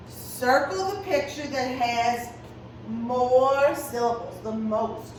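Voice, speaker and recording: A high-pitched woman teaching kindergarten over a video lesson, stretching words out slowly and clearly for young children. She sounds a little distant from the mic in an echoey classroom, with a faint hum behind her. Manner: slow, clear, sing-song teacher talk to small children.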